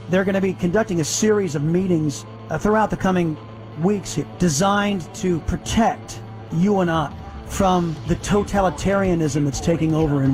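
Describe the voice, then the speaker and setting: Earnest man over clear music. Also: high-pitched, darkish tone, rough recording. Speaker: speaker endorsing a political group. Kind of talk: promotional speech.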